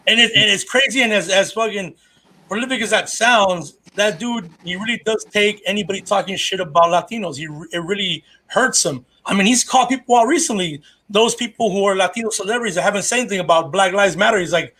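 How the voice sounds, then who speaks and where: A man's voice: high-pitched, quick pace, sharp tone. A man, a comedian co-hosting a podcast, telling stories in casual chat, rambling and profane with lots of restarts.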